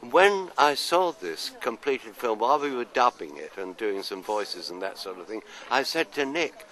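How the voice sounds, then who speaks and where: A man's voice: medium pitch, big pitch swings, moderate pace, hardly any pauses, a bit bright, low-quality recording. An older man from London, an actor answering interview questions in a chatty, anecdotal, self-deprecating way.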